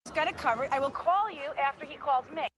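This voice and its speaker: An actress playing a brash, sharp-tongued female Hollywood publicist who speaks curtly with a slight lisp. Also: high-pitched, quick pace. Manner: curt, insulting.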